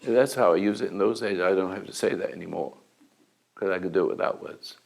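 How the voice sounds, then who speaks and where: An older man acting as a self-help teacher, telling an anecdotal story to an audience in a halting way, with restarts, and acting out the dialogue. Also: sits low, gravelly, darkish tone, poor audio.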